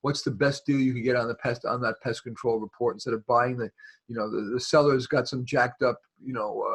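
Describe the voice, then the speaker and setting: A man's voice: mid-range voice, steady tone, a little fast, husky. A man from New York giving rambling advice over a video call, full of restarts and fillers. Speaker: guest expert.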